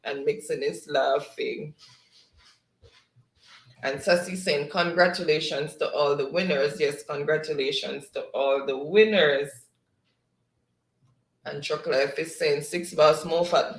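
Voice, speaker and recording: A woman's voice: low-pitched, slow pace, roomy sound, low-quality recording. A Jamaican woman hosting a livestream, chattily reading out viewer comments and laughing often. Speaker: livestream host. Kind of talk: reading viewer chat aloud.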